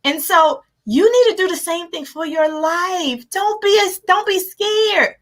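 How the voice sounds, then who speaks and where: Animated high-voiced woman life coach. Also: measured pace. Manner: animated, laughs often, acts out her own reactions. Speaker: life coach hosting a live motivational session. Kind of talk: energetic motivational talk.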